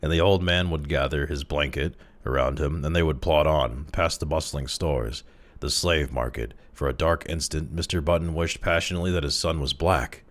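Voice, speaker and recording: A man casually reading a classic short story aloud, with expressive, dramatic delivery. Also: extremely low pitch, moderate pace. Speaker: narrator, audiobook reader.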